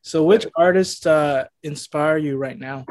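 A man interviewing a musician, asking questions in a soft, somewhat hesitant way. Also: fairly high pitch, measured pace.

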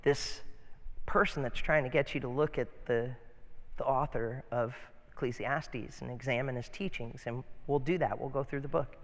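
A man's voice: mid-range voice, steady tone, moderate pace, fairly bright tone. A pastor in his fifties preaching a sermon in a conversational, folksy way, with frequent asides and restarts. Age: 50s. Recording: long reverb of a large hall.

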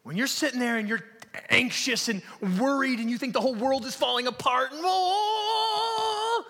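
His pitch is extremely high as this male pastor delivers a live sermon, telling animated stories and lowering to hushed, almost whispered emphasis. The recording carries the long reverb of a large church hall.

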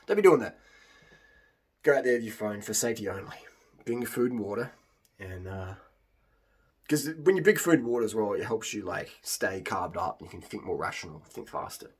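An Australian man speaks straight to camera in a loose, unscripted monologue. His voice carries a husky, slightly breathy edge at a mid pitch. He rambles and often leaps into higher mocking voices to imitate other people. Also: brisk. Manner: animated, mimics others in high put-on voices. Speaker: vlogger.

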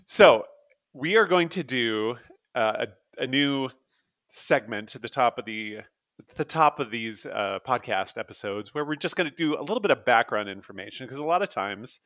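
A man's voice: mid-range voice, expressive, normal speed, a bit bright, dry recording, studio quality. A man co-hosting a podcast in casual chat, rambling through band background with loose restarts and easy laughs. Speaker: podcast co-host.

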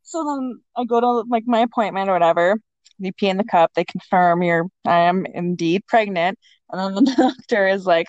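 A woman's voice: medium pitch, normal speed, darkish tone, no echo. A young woman co-hosting a podcast, telling her own story in a casual, candid way, swearing freely and acting out what people said. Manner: candid and swearing, acts out quotes. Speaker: podcast co-host. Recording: dull, dry lo-fi sound.

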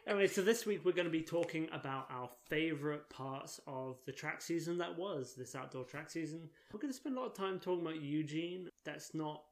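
A man's voice: fairly high pitch, brisk, hardly any pauses. A man co-hosting a podcast, telling stories in a dry, joking way in casual chat. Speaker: podcast co-host.

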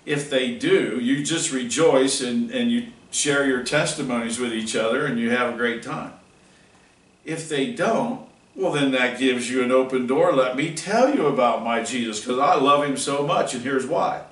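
A middle-aged man teaching a catechism class tells a folksy, earnest personal anecdote. His mid-range voice moves at a moderate pace, and the mic is far off in a roomy space.

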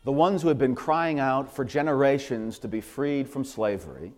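A man's voice: medium pitch, moderate pace, a little mellow. A man preaching a sermon as pastor, impassioned and driving his points home with repeated phrases, in a church sanctuary. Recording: long hall reverb.

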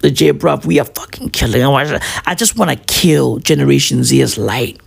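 A man's voice: mid-range voice, normal speed, gravelly, husky. A man, doing a profane, rambling comic monologue full of "right?" and "bruv". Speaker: comedian vlogger.

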